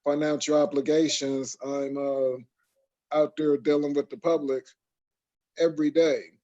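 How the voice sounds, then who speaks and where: A man's voice: a little high, level tone, unhurried, dark tone. A man from Michigan hosting a casual podcast chat, talking in long rambling stretches full of fillers. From Michigan, USA. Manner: rambling, many fillers and restarts. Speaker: podcast host. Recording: dull lo-fi sound.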